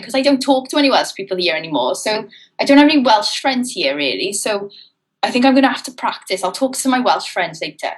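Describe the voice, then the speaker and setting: A woman's voice: mid-range voice, big pitch swings, brisk, poor audio. Chatty woman with a British-Australian twang. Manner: chatty, self-mocking, frequent "you know". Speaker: co-host. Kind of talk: casual podcast chat.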